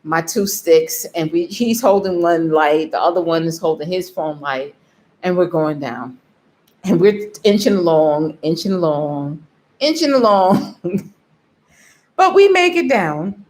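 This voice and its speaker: A woman's voice: sits low, measured pace. A woman vlogger telling a story in a casual way, laughing often and acting out what she told herself. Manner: animated, laughs often, acts out her own inner voice.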